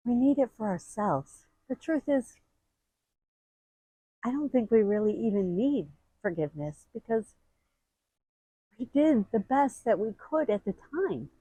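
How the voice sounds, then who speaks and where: A middle-aged woman giving heartfelt advice straight to camera, earnest and emotional, with sudden expressive bursts. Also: mid-range voice, slow pace, pauses often, slightly rough, no room sound, rough recording. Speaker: grief video host.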